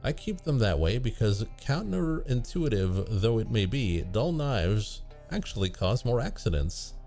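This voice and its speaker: A man reading as a prim mother from a spooky game, cheerfully matter-of-fact. His pitch moves a lot, and faint music plays under him. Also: big pitch swings, a little slow, dark tone. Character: prim, cheerful mother, middle-aged woman.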